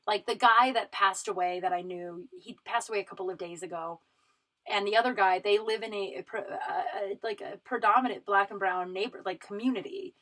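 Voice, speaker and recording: A woman in her thirties from Colorado talks straight into her own podcast mic. She is casual and blunt, swears freely, and often stops and restarts her sentences. Her voice sits at an ordinary middle pitch. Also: steady tone, brisk, fairly bright tone, low-quality recording. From Colorado, USA. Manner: profane, emphatic, with frequent fillers and restarts. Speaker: podcast host. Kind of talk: casual solo podcast monologue.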